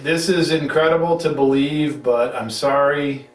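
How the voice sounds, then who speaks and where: A middle-aged man hosts a casual chat recorded at home, speaking a little slowly in a fairly high pitch. He rambles, teases, and often restarts his sentences, and the roomy sound suggests the mic sits some distance away.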